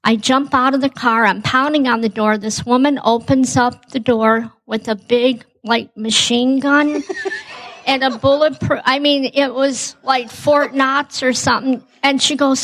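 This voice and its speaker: A woman's voice: high voice, steady tone, unhurried, a bit bright, poor audio. A woman telling a personal story as a guest, acting out both sides of the conversation. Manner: acts out dialogue, says "I go" often.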